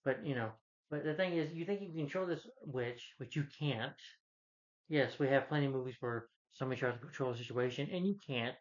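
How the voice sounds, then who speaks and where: Man, casual film review, rambling, opinionated, mid-pitched, dull lo-fi sound. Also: a little fast. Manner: rambling, many restarts and fillers, opinionated. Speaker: movie reviewer.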